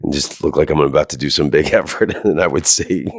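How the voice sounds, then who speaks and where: A middle-aged man hosting a casual comedy podcast chat, jokey and animated, laughing often. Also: very deep voice, fast, no echo, clean studio sound.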